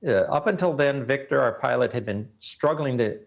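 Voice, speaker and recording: A man being interviewed as a guest, earnestly recounting a personal ordeal and letting his voice sink low at the grim parts. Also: moderate pace, creaky, dull audio. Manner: earnest storytelling, voice drops low at grim moments. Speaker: guest, reporter.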